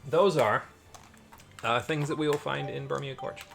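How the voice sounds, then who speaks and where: Guy streaming a game, mid pitch, rambling explainer, game music going behind him. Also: fairly even intonation, normal speed, vocal fry. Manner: explains game mechanics at length with fillers. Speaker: streamer and host. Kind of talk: casual gameplay chat. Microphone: desk microphone, turns away to read chat.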